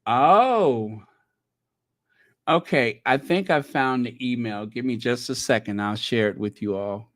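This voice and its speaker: A man's voice: medium pitch, slow pace, dry recording, studio quality. A man from the United States hosting a channel, giving chatty, teasing commentary on news clips with laughing asides. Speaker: channel host.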